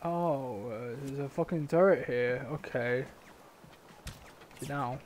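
A man's voice: mid-range voice, slow pace, long pauses, darkish tone, a little hiss or hum. A man streaming a game live, swearing constantly and grumbling in frustration as he plays. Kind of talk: live gameplay commentary.

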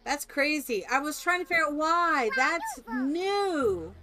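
Older woman, game streamer, chatty, thinks out loud, fairly high voice. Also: expressive, takes it slowly. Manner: chatty, thinks aloud, coos at family. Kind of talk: casual gameplay chat.

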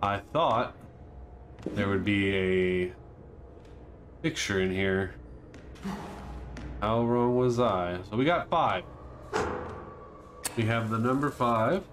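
A man playing a horror game and commenting on it with jokes, breaking into panicky yelps and shouts when something startles him. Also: lowish voice, takes it slowly, pauses often, slight background noise. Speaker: let's play gamer.

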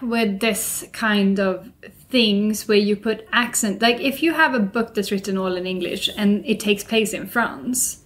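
A woman co-hosting a book podcast, telling stories in a chatty, animated way with lots of fillers. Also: medium pitch, measured pace. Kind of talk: casual chat.

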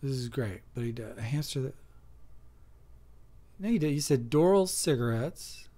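A comedian hosting a casual livestream chat, joking through rambling, absurd tangents. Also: male voice, medium pitch, animated, moderate pace, warm tone.

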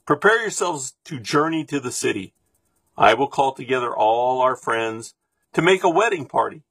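Storybook: man voicing a dignified father, husky and plain. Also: medium pitch, lively intonation, normal speed, fairly bright tone, no room sound. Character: proud gentle father, Mufaro.

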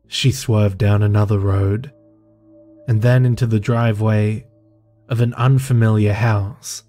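A man narrating a horror story in a slow, measured first-person telling. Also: on the low side, flat delivery, mellow. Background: faint music.

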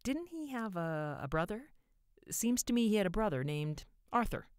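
An anxious young man speaks in a breathless, hesitant storybook voice, read by a woman. His pitch sits in the middle and the sound is dry. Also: sing-song, normal speed, darkish tone, clean tone, dry recording, natural voice.

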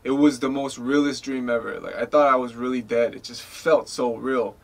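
A man in his twenties from the United States, a guest in a casual interview, tells stories animatedly and acts out quoted lines, filling them with "like" and "you know". His mid-range voice is creaky, at a moderate pace.

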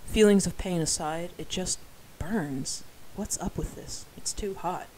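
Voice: mid-range voice, a little slow, warm tone, a little hiss or hum, rough recording. A narrator reading a novel aloud in the first person, with wry, self-deprecating asides.

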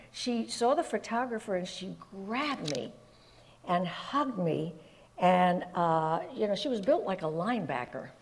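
An older woman from Puerto Rico, a guest telling lively stories in an interview and laughing often. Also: medium pitch, slight background noise. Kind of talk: anecdotal storytelling in an interview.

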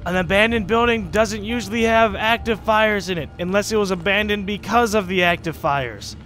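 A young man casually commenting on his gameplay as a let's play host, chatty and sarcastic with excitable outbursts. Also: high voice, moderate pace, faint music behind.

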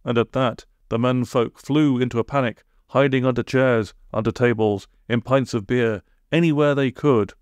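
A man reads a comic storybook aloud in a deadpan manner, slipping in dry asides. His voice is mid-pitched and even. The recording is dry and close, with no room sound. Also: moderate pace, hardly any pauses, clean tone, no room sound. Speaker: audiobook narrator. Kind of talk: storybook narration.

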